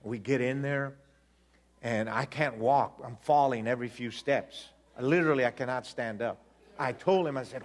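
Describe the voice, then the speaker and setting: A man giving an animated personal testimony, acting out voices, laughing and repeating himself as he tells it. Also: medium pitch, moderate pace.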